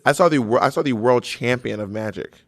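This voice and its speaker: A man talking casually as a guest, an animated storyteller who acts out what others said. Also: medium pitch, a little fast, dry recording, studio quality. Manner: animated storyteller, slips into quoted voices. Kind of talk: casual chat.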